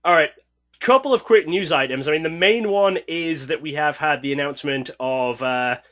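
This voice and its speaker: A man's voice: fairly high pitch, moderate pace, a bit bright, soft background music. A man from Northeast England with a mild accent from there, co-hosting a casual podcast and patiently explaining things in an easygoing way. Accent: mild Northeast English. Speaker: podcast co-host. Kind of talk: casual chat.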